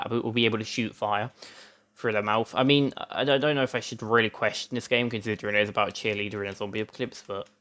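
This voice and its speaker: Rambling lad commentating gameplay. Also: male voice, mid-range voice, fairly bright tone. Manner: chatty, rambling, self-interrupting with many restarts. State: hot and sweaty, a bit out of breath. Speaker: let's play host.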